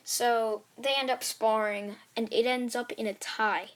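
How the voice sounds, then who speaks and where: A woman's voice: fairly high pitch, fairly even intonation, unhurried. A woman casually retelling a fan-made story, rambling with many fillers and restarts.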